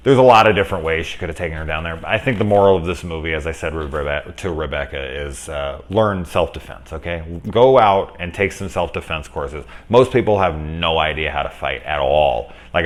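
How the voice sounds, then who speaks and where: Guy with a low voice chatting through a movie review, loose and rambly, fixes himself mid sentence. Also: moderate pace, few pauses. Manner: rambling, conversational, self-correcting. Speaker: film reviewer. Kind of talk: casual spoken movie review.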